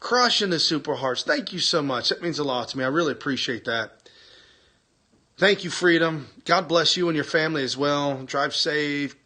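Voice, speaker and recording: Bright, chatty man hosting a live stream. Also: on the high side, normal speed. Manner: chatty, enthusiastic, repeats words, laughs often. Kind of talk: casual live-stream chat reading viewer comments.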